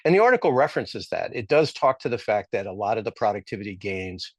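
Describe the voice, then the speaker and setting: Low-voiced man co-hosting a business podcast. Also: big pitch swings, quick pace, dry recording. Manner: joking, thinking aloud with restarts. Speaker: podcast co-host. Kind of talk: casual business podcast chat.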